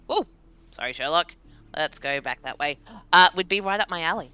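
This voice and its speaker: A young woman streaming a game and chatting casually, animated and laughing often. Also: on the low side, normal speed, clean tone, faint music behind. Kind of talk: casual live-stream chat.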